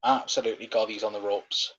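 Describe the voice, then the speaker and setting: Excitably calling a football match during a live watchalong, this young fan swears when things go wrong. He speaks fast in a lowish voice, and the recording is muffled.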